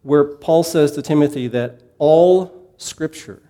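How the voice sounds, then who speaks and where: A man leads a Bible class with a mellow, relaxed voice. He talks in an easygoing, conversational way, stops to ask his listeners questions, and goes back over his key points. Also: fairly high pitch, takes it slowly. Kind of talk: casual classroom teaching.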